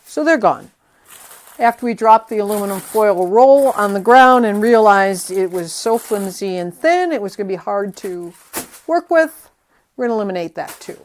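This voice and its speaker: Woman, chatty DIY vlogger, talks to herself while working, mid-pitch. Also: darkish tone. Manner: chatty, self-talking while working, nervous. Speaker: vlogger restoring a vintage tree. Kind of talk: casual hands-on how-to narration.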